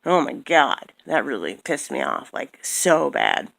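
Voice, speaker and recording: A woman in her thirties vents in a heated, swearing rant, circling back over the same points. Her voice sits low and sounds tired. She talks straight to the camera like a personal vlogger. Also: very animated, a little slow, gravelly, fairly bright tone. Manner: heated, profane, repeats herself.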